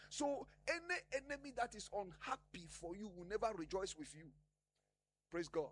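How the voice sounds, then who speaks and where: Husky high-voiced male preacher. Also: animated, moderate pace, fairly bright tone. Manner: emphatic, asks questions and answers them himself. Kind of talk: sermon.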